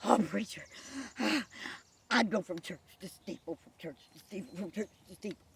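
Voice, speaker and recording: A woman voicing an excitable young Southern woman who calls out in high, wailing tones. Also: moderate pace, gravelly, slight background noise. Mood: coy.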